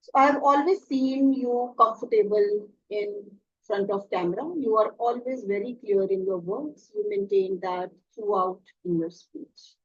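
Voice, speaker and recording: A woman's voice: medium pitch, a little slow, lo-fi sound. A woman evaluating a speech at an online club meeting, giving encouraging, structured feedback point by point.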